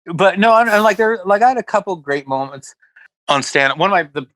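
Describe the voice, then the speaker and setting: A man's voice: sits high, fairly quick, no echo, poor audio. Rambling storyteller man, dry sound. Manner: rambling, animated storyteller acting out quotes. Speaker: comedian guest. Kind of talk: casual podcast chat, storytelling. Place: West Hollywood.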